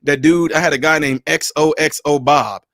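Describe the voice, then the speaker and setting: Animated man telling stories on a livestream. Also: on the high side, moderate pace, no room sound, clean studio sound. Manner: animated storyteller, laughs often. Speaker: livestream host. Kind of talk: casual chat on a livestream.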